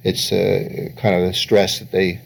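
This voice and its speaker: Here the older therapist's low, gravelly voice is completely flat and measured in pace. Being interviewed, he still tells anecdotes, quoting other people and laughing heavily as he goes.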